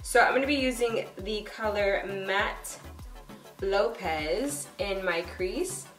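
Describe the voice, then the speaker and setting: A woman's voice: mid-range voice, takes it slowly, a bit bright, far from the mic. Chatty young woman doing a makeup tutorial. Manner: chatty, bubbly, lots of "like" and "um". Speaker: beauty vlogger. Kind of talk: casual makeup tutorial talk. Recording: roomy echo, a bit off-mic. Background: faint background music.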